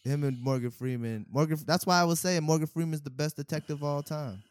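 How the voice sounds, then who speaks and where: A man co-hosting a podcast in casual chat, an animated storyteller who acts out quotes and laughs a lot. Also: fairly high pitch, brisk, no room sound, studio quality. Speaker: podcast co-host.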